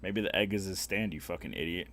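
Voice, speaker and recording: A young male live streamer with a low voice tells a story fast while gaming, casual, blunt and heavily profane. He retells it animatedly, voicing the quotes himself.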